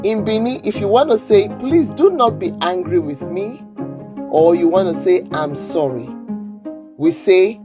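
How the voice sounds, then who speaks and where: A woman teaching simple words in a clear lesson, patient and encouraging as she has learners repeat after her. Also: lowish voice, expressive, unhurried, music in the background. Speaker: language teacher.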